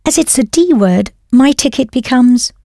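This woman, a language teacher, guides a scripted audio lesson, prompting the learner with patience and confirming every answer. Her high-pitched, creaky, mellow voice has lively intonation and a moderate pace, recorded in studio quality with no echo.

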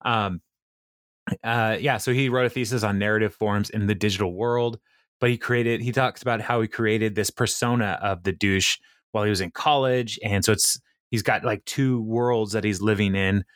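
This podcast co-host has a fairly low, fairly bright voice with fairly even intonation and a moderate pace, recorded in studio quality with no echo. He recaps a TV episode in casual chat, quoting scenes, laughing often and using lots of fillers.

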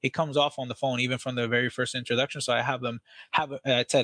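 Energetic, profane man in casual interview. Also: medium pitch, fast, no echo. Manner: energetic, profane, acts out phone calls. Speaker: guest, real estate sales trainer.

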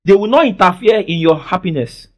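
A man preaching a sermon, calling for responses from the congregation and swinging between soft asides and loud declarations. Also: high voice, expressive, fairly quick. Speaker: pastor.

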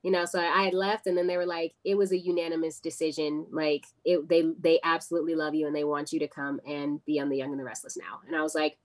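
A woman's voice: sits low, fast, hardly any pauses. An American woman, a guest actress, telling stories in a casual interview and acting out the voices of the people in them. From United States. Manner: animated, acts out quoted voices of people in her stories.

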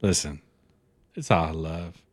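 A man with a lowish voice co-hosts a loose podcast, profane and pumped up. He slurs his words a little, as if he has had a few drinks. The sound is dry and close. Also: slow pace, no echo. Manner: profane, fired-up pep talk. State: slightly slurring, tipsy. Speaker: podcast co-host. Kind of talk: casual podcast chat.

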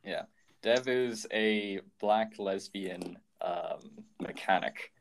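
Low voiced guy hosting a podcast, chatty, lots of ums and laughing. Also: slow, gravelly, a little hiss or hum. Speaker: podcast host. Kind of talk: casual chat.

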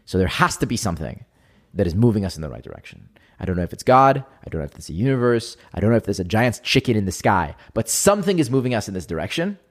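A man's voice: on the low side, sing-song, fast talker. A young adult man speaking as a podcast guest in an earnest, reflective way during casual conversation.

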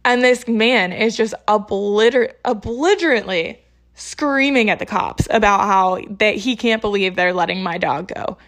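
A young woman casually telling a story to her viewers, exasperated and animated, acting out the people she quotes. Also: mid-range voice, a little slow.

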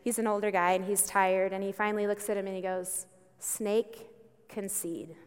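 A woman's voice: medium pitch, flat delivery, quick pace, clear, resonant tone. A woman pastor preaching a sermon in a conversational storytelling way, with emphatic bursts. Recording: long reverb in a church hall.

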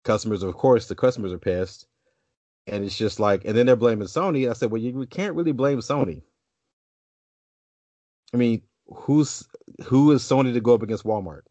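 On a casual podcast, this male co-host tells a meandering tale, constantly restarting and wandering into asides. His pitch is fairly low, his pace fairly quick and his tone mellow, captured in a dry, dull, lo-fi recording without echo.

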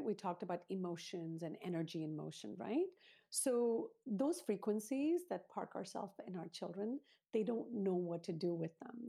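A woman with a slightly husky, low-pitched voice speaks as a guest in an interview. Her tone is dark and mellow. She lays out her points in an earnest, teacherly way, step by step. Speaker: parenting author, guest. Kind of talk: explanatory interview talk.

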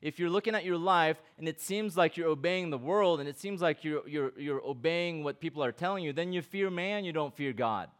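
A man's voice: a little high, fairly quick, hardly any pauses. Man preaching at a youth camp. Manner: reads scripture aloud and breaks in with comments; asks the listeners direct questions. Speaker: pastor.

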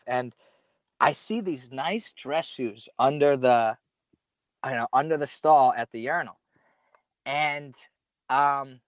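A man's voice: medium pitch, no echo. A young man telling a casual story in a rambling way, full of slang and swearing. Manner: profane, rambling, laid-back slang. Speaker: podcast guest storyteller.

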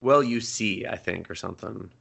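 Man, podcast co-host, casual chat, bright edgy tone, gravelly, acts out lines. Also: lowish voice. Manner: swears freely, acts out lines in quick put-on voices.

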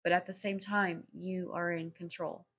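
A woman's voice: lowish voice, little pitch movement, moderate pace, a bit bright, breathy edge. A woman talking solo on her podcast in a rambling way, full of "like" and casual swearing. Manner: rambling, heavy on filler "like", frequent swearing. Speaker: podcast host.

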